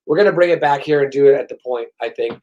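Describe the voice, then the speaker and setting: A man's voice: mid-range voice, fast talker, darkish tone, muffled recording. A man hosting his own show, rambling through stories with profane, sarcastic, self-mocking humor. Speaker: host. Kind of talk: rambling comedic monologue.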